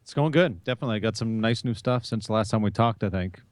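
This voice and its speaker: A man chatting casually as a returning guest on a podcast, easygoing and soft-spoken. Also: fairly low pitch, quick pace, no echo, studio quality. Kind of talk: casual chat.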